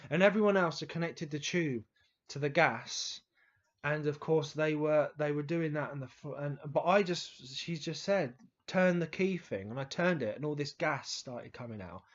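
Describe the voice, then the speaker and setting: Rambling male storyteller, slightly higher voice. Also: normal speed, muffled recording. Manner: rambling, with many fillers and restarts, sometimes swearing. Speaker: writer telling stories to camera. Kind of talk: casual storytelling monologue.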